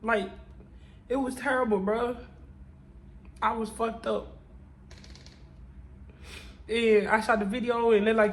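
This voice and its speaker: A woman's voice: fairly high pitch, steady tone, takes it slowly, pauses often, rough recording. Tearful woman vlogger testifying. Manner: repetitive, prayerful, testifying. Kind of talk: emotional confessional vlog.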